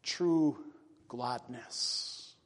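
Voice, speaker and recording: A man preaching a sermon as pastor to his congregation, with emphatic, drawn-out stresses on key words. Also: medium pitch. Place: church sanctuary. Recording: long reverb of a church hall.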